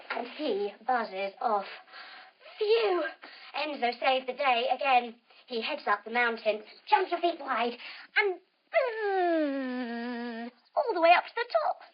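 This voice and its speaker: A young woman leads a children's yoga story with a high, lively voice that leaps up and down as she encourages her listeners. She sounds playful and warm-hearted in her delivery, and the recording is a little dull and lo-fi. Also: slow. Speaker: kids yoga instructor and storyteller.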